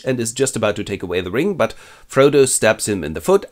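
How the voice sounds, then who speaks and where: A man with a German accent narrates a sprawling fantasy tale as a fast comic retelling. His pitch swings widely and playfully, and he keeps dropping into squeaky voices for the characters. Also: animated.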